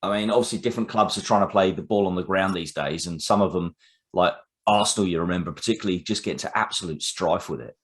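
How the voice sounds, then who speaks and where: A man hosting a football podcast, talking casually with frequent pauses and fillers. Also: low voice. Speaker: podcast host. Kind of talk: casual interview.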